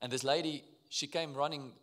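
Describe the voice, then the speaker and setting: A man from South Africa with an Afrikaans accent, preaching a sermon in a church, telling stories and dropping to quiet asides. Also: a little high, fairly quick. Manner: animated, storytelling, drops to quiet asides. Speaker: pastor. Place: church auditorium. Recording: reverberant church hall.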